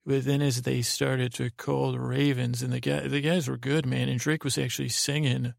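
Host, male, gravelly low-key storyteller, flat delivery, dry close sound, wandering and hesitant. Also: moderate pace, no room sound. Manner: meandering, hesitant, full of restarts and asides. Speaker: podcast host. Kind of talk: rambling sleep-story narration.

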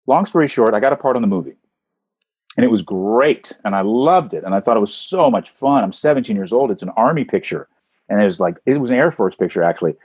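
Low husky guy chatting about voice acting, gets animated, pitch jumps way up, dry close mic. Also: no room sound. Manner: animated storyteller, swoops up in pitch for emphasis. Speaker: voice actor guest. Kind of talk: casual interview talk.

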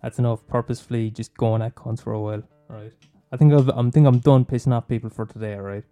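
A man's voice: mid-range voice, steady tone, quick pace, warm tone, soft background music. An Irish man hosting a podcast, rambling in a casual monologue, swearing, laughing and teasing his listeners. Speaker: podcast host recommending films.

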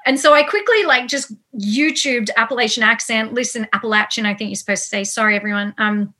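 A woman guest in a casual interview, telling an animated story with many fillers and quoted asides. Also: a little high, brisk. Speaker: actor guest.

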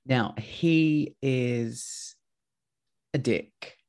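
A man hosting a casual chat, telling lively stories with plenty of swearing. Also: mid-range voice, very slow, clear, resonant tone. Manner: chatty, swears freely, tells animated stories.

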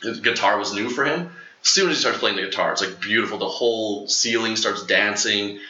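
Bright-voiced young man rambling in an echoey room. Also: fairly low pitch, brisk, dull audio. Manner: rambling, filler-heavy, acts out quotes. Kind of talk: casual storytelling chat.

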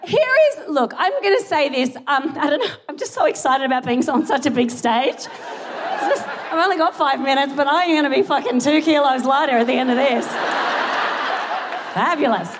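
On a big theatre stage, a young Australian woman performs live stand-up at a moderate pace, her high-pitched voice excitable and giggly as she pokes fun at herself. The live recording carries crowd noise, with the audience laughing and cheering.

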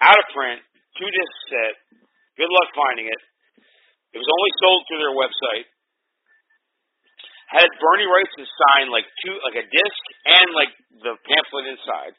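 A man's voice: fairly high pitch, a little slow, pauses often, slightly rough, dry recording. A man hosting a podcast, telling stories in casual chat with lots of swearing. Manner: profane, animated storytelling. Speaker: podcast host. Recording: tinny phone-like dry sound.

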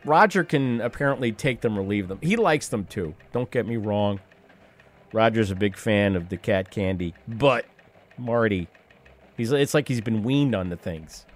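A man's voice: fairly low pitch, animated, moderate pace, faint music behind. A man in his fifties hosting a radio call-in show, talking in a wry, rambling way with profane asides. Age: 50s. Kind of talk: rambling talk radio monologue.

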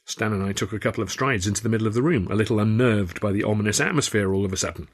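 Husky storyteller. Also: male voice, on the low side, racing. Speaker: author-narrator. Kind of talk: first-person audiobook narration.

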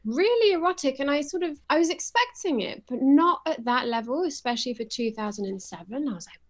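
Thoughtful, animated actress in conversation. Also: female voice, sits high, brisk. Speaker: actress guest. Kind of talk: casual interview chat.

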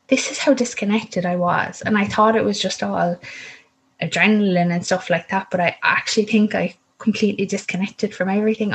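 A young woman with a husky, medium-pitched voice tells her own birth story on a rough recording. She's candid and casual, rambling, interrupting and correcting herself, laughing and swearing along the way.

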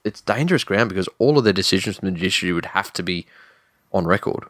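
A man's voice: low-pitched, animated, fast, fairly bright tone, dry recording, studio quality. A man co-hosting a casual sports chat, blunt and full of swearing. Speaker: podcast co-host.

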